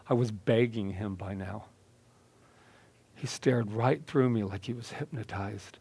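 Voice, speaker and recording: A male minister telling a personal story in a slow, deliberate, dramatic way. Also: fairly low pitch, vocal fry, dark tone, husky, no room sound. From United States.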